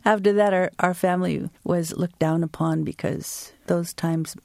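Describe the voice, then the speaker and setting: A woman's voice: fairly low pitch, creaky, dry recording, clean studio sound. A woman from the United States telling a vivid personal story and answering interview questions, acting out the quotes. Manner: slow, vivid, expressive delivery with acted-out quotes.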